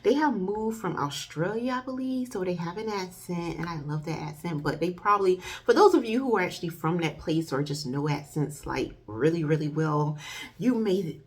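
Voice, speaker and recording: A woman's voice: on the low side, animated, moderate pace. A woman chatting casually as she reviews a movie for her channel, talking to her viewers as "y'all". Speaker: faith-based movie reviewer. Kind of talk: casual video review chat.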